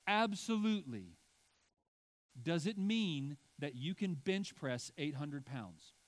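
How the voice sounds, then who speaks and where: A man's voice: a little high, lively intonation, slow pace. A middle-aged man preaching a sermon to a congregation, talking casually with frequent asides and rising to emphatic points. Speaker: pastor.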